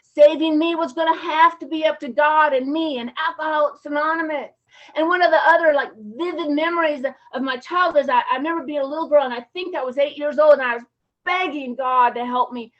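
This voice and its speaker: High-voiced woman sharing her recovery story. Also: fairly quick, a bit bright. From Champaign, Illinois area. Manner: frank, casual, emotional, peppered with "man". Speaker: recovery conference speaker. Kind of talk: personal recovery talk. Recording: muffled lo-fi conference audio.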